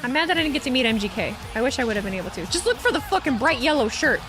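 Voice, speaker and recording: A woman's voice: sits high, sing-song, rapid-fire, music in the background. A young woman chatting casually on a live stream, sarcastic and talkative, reading chat messages aloud.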